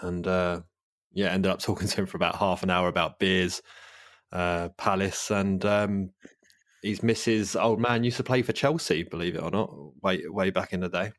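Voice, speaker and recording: A man's voice: low voice, fairly even intonation, moderate pace, dry recording, clean studio sound. A man with a London accent hosting a podcast, telling a rambling story in a laid-back, sweary way. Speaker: podcast host. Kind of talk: casual chat.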